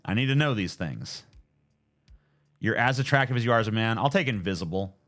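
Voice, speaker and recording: A man's voice: lowish voice, lively intonation, brisk, a bit bright, soft background music. A man in his twenties chatting casually on a live stream, joking and swearing as he answers viewers. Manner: joking, profane, laid-back.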